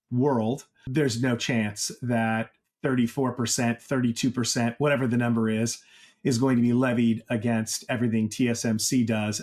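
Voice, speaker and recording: A man's voice: mid-range voice, darkish tone. A man speaking as an industry analyst in an interview, conversational and emphatic, with many fillers. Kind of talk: interview answers.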